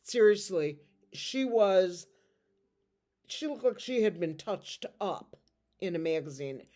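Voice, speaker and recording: A woman who reads tarot, telling a story to her viewers in a halting, emotional way and holding back tears. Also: mid-range voice, expressive, dark tone. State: tearful. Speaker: tarot reader.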